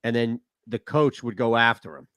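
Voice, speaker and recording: A man's voice: medium pitch, normal speed, sharp tone, no room sound. A man hosting casual sports talk radio, chatty and rambling.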